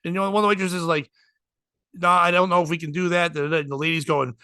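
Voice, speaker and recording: High-voiced man telling a rowdy story. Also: little pitch movement, racing, smooth, no room sound. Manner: acts out quotes with shouting, swearing, laughing. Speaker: comedian podcast host. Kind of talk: animated comedic storytelling.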